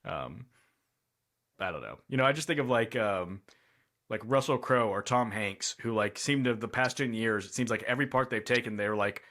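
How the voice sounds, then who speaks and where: A man's voice: fairly low pitch, lively intonation, normal speed, a bit bright. Man musing over a film review. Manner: thoughtful, hedging, frequent fillers. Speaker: podcast co-host. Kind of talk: casual movie review chat.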